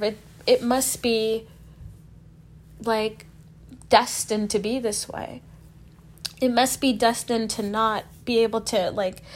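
A young woman with a high voice talks through her own story in a candid, unpolished way. She speaks bluntly, drops swear words without hesitation, and leans on "like" as she searches for words. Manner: frank, profane, lots of "like" fillers. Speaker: guest sharing a personal story.

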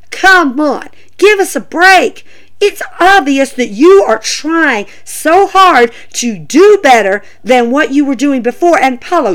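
A woman with a fairly high voice that leaps up and down as she rants. She talks in a loose, casual way, full of "you know" and "come on". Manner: animated, ranting, lots of fillers. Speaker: podcast host. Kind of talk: casual wrestling commentary.

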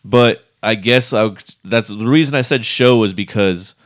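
Laid-back man for casual car talk, deep-ish clean voice, dry close recording. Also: unhurried, no room sound. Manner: laid-back, laughs often, swears casually. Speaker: co-host. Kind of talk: casual chat.

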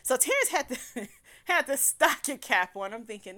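A young woman with a lilt tells a personal story in a loose, conversational way. Her voice is bright and forceful, and she breaks into laughter and curses freely as she talks. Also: high voice, very animated, normal speed. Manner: candid, laughs often, swears freely.

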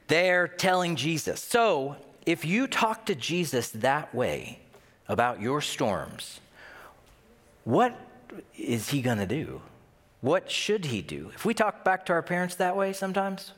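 A man preaching a sermon in an animated way, often acting out the voices of the people he quotes. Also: fairly high pitch. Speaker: pastor. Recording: long hall reverb.

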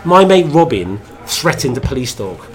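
Animated man telling football stories. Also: medium pitch, moderate pace, a crowd in the background. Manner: animated anecdotal storytelling. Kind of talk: casual chat.

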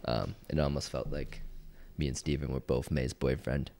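A young man with a very low voice tells a story on a casual podcast. He talks in an animated way, acting out the other people's lines as he goes. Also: moderate pace. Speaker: podcast co-host.

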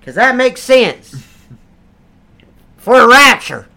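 Casual: guy playing a cussing hick preacher, loud and rambly, twangy and bright. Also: extremely high pitch, sing-song, slow, creaky, exaggerated voice. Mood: preachy ranting. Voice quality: brash, profane, rambling. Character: crude loud Southern redneck churchgoing man. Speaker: comedic character. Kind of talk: improvised comedy role-play.

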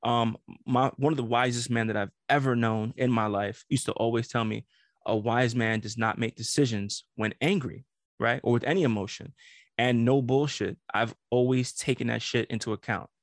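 A man's voice: medium pitch, steady tone, moderate pace, no room sound, studio quality. Laid-back, profane podcast man. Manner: casual, profane, reflective, affirming. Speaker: podcast co-host. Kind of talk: casual podcast chat.

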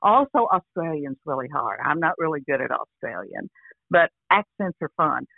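An older actress chatting casually as an interview guest over a phone line, rambling with restarts and frequent "you know". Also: female voice, low voice, lively intonation, moderate pace, creaky, dry recording. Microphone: phone call.

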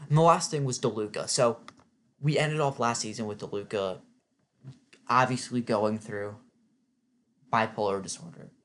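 A man's voice: medium pitch, moderate pace, pauses often. A man giving a casual, opinionated spoken recap, chatty and filling his talk with "like". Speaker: TV recap vlogger.

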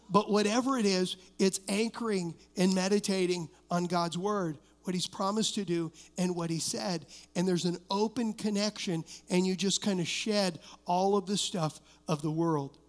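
A middle-aged male pastor preaching an emphatic sermon, weaving personal stories into declarations. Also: high-pitched. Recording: long reverb of a church hall.

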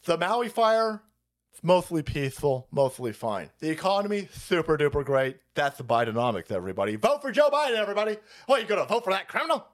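A man hosting a profane, sarcastic political comedy rant on his stream. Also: on the high side. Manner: animated, foul-mouthed, sarcastic. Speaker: streamer host.

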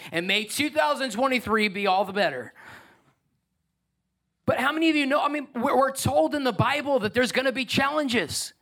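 A male pastor preaching a Sunday sermon in a church, animated and emphatic, with joking asides to the congregation. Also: high voice. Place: church sanctuary.

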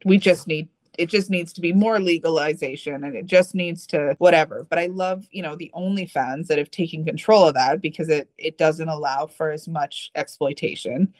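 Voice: medium pitch, moderate pace, hardly any pauses, a little mellow. A podcast co-host who reads a personal essay aloud and then chats casually, candid and profane, with rambling asides.

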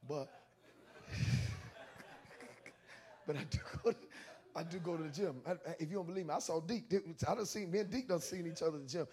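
A male pastor preaching a sermon with comic stories, animated, with stammering restarts that build into shouts. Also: a little high, brisk, long pauses.

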